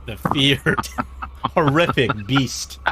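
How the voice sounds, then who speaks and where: A man narrating as game master of a tabletop game, halting with many restarts and fillers. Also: mid-range voice, heavy background noise.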